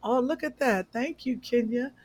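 A woman from Cleveland hosting a casual podcast chat, playful and teasing, with loud bursts of laughter. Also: on the high side, moderate pace, rough recording. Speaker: podcast host.

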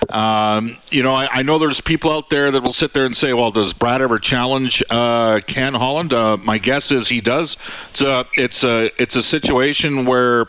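Bright-voiced male sports radio host. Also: medium pitch. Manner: long rambling questions with fillers. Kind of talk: radio interview.

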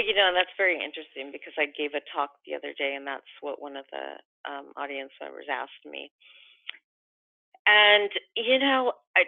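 A woman's voice: on the low side, creaky, no echo. A woman giving an interview over the phone, speaking with urgent, indignant emphasis. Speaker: guest. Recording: tinny dry phone line.

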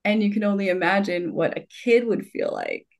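A woman in her forties talks in casual, conversational podcast style, rambling in long stretches with restarts and laughter. Her voice is medium-pitched and a little fast.

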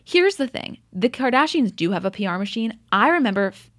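A woman's voice: on the high side, sing-song, a little fast, no room sound, clean studio sound. A young woman co-hosting a podcast, animatedly recapping a reality show episode in casual chat and acting out quotes with plenty of swearing. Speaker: podcast co-host.

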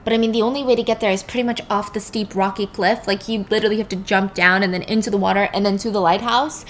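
A woman host casually retelling a film plot, animated and emphatic. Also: medium pitch, quick pace, slight background noise. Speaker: podcast host. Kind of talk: casual film recap storytelling.

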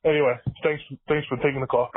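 A man's voice: a little high, level tone, quick pace, breathy edge, no room sound. A man calling in to a sports show, a talkative fan venting his frustration. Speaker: caller. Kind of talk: call-in sports chat. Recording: tinny, dry phone line.

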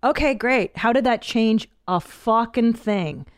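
A woman's voice: a little high, unhurried. A woman hosting a podcast in casual chat, blunt and sarcastic. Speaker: podcast host.

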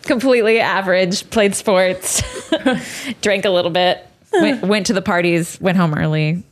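A woman in her thirties co-hosts a podcast, her medium-pitched voice unhurried. The talk is casual chat, and she rambles with many fillers and restarts.

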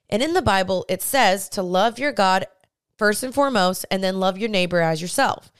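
A woman's voice: mid-range voice, smooth, dry recording, clean studio sound. A young woman hosting a podcast, giving earnest, chatty faith-based advice straight to her listeners. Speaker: podcast host.

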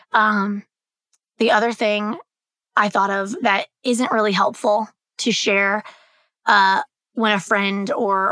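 A woman's voice: medium pitch, a bit bright, no echo. A young woman hosting a podcast alone, talking candidly in a loose, chatty way full of "like" and "um". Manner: candid, chatty, filler-heavy. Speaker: podcast host. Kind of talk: solo podcast talk.

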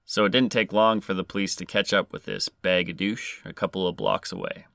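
Crude, sarcastic podcast host. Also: male voice, low-pitched, fairly even intonation, brisk, a bit bright, clean tone, no room sound, studio quality. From Canada. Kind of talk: scripted podcast narration.

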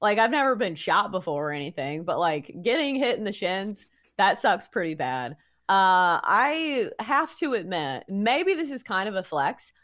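A woman's voice: mid-range voice, big pitch swings, moderate pace, a bit bright. A young woman hosting a sports betting podcast, chatting playfully and saying "like" often. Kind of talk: casual chat.

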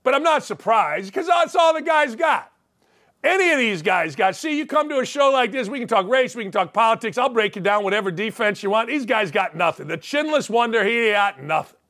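A man's voice: high voice, expressive, normal speed, a bit bright. A man hosting a sports talk show, ranting in a blunt, profane, combative way. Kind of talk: opinionated sports talk rant.

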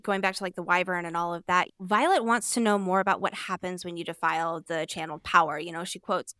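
Young female podcast co-host, earnest and opinionated; smooth, dry, close-mic voice. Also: lowish voice, fairly even intonation, fast, few pauses, bright, forceful tone, dry recording. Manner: earnest, theorizing, firm opinions. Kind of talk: casual book discussion.

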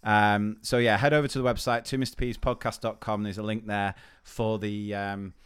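Man, podcast host, bright clear voice, teasing. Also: on the low side, level tone, moderate pace. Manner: jokey, teasing, then earnest plugging. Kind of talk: casual chat, show promotion.

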